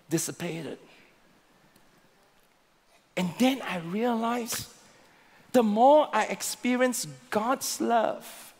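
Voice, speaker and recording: Pastor, male, high animated voice, slow emphatic sermon delivery, reverberant hall. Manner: slow, emphatic preaching with repeated words and swelling emphasis. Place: large church auditorium. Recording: long reverb of a large hall.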